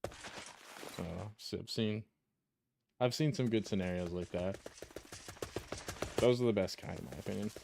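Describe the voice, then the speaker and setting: A man's voice: fairly low pitch, a little slow, gravelly, long pauses, background noise. A young man streaming a game, chatting casually in a rambling, profane way while he plays. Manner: rambling, profane, chuckles while telling stories. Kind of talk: casual chat while gaming.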